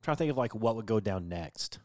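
A man's voice: lowish voice, expressive, a little fast, no room sound, clean studio sound. A young man co-hosting a podcast, riffing on the news with crude jokes and swearing. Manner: crude jokey banter, swearing. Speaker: podcast co-host. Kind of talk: casual news chat.

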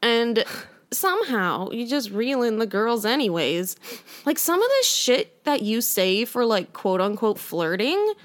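A young woman co-hosting a podcast, chatting casually and animatedly, swearing freely as she tells stories. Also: unhurried. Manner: animated, swearing, jumps into high excited squeals. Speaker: podcast co-host. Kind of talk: casual chat.

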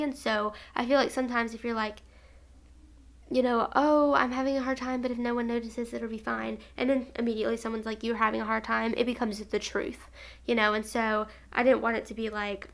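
Gravelly-voiced young woman telling a story. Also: a little high. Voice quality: vocal fry. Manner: rambling, filler-heavy with frequent "like". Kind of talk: casual storytime.

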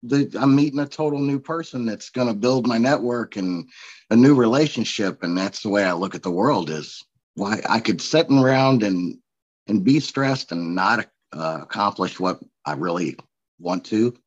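Forties male podcast guest from Missouri, easygoing storyteller, lower register, muffled lo-fi recording. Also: animated, normal speed. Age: 40s. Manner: chatty storyteller, laughs often. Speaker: guest, coach and speaker. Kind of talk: casual podcast interview.

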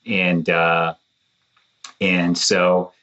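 A man in his thirties with a low voice talks through the episode in a relaxed, chatty way. He slips into playful acted-out quotes, jumping up in pitch as he goes. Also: drawn-out words, dull audio. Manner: animated, acts out quotes in shifting voices. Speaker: podcast co-host, former contestant. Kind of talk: casual chat.

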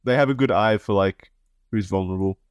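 A man co-hosting a podcast in casual chat, wry and blunt, sometimes reading messages aloud in a higher voice. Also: brisk, clean tone, no room sound, clean studio sound. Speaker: podcast co-host.

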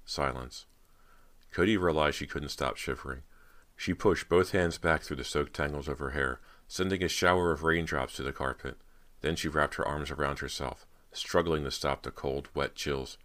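A man narrating a horror audiobook in an even, measured way. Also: a bass voice.

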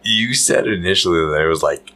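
A man's voice: deep voice, fairly quick, sharp tone. A man hosting a podcast in casual chat, full of crude joking banter and teasing interruptions. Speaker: podcast host.

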